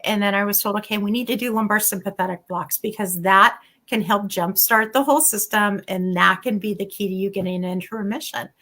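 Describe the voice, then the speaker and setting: A woman's voice: medium pitch, fairly quick, few pauses. A middle-aged woman, a physician and former patient, candidly telling her own story as a guest in an interview. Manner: candid, animated storytelling with quoted dialogue.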